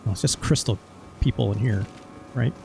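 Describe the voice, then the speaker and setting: A man's voice: lowish voice, moderate pace, gravelly, warm tone, soft background music. A male streamer in casual gameplay commentary. He chats while he plays and mutters mild curses when things go wrong.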